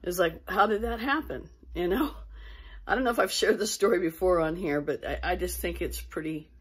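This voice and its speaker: A woman's voice: fairly low pitch, brisk, slightly rough. A middle-aged woman casually telling a personal ghost story to her viewers, rambling and interrupting herself as she goes. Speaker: vlogger.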